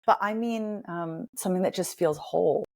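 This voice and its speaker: A woman dialect coach and author talking as a guest in a podcast interview, animated and emphatic, with playful asides. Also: on the low side, moderate pace, gravelly.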